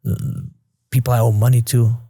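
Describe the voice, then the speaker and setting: Candid and casual, the podcast guest, a man in his thirties from Queens, New York, retells past conversations as he shares his life story, cursing freely. His medium-pitched voice is dark and slightly rough, with a flat, fairly quick delivery. The studio audio has no echo.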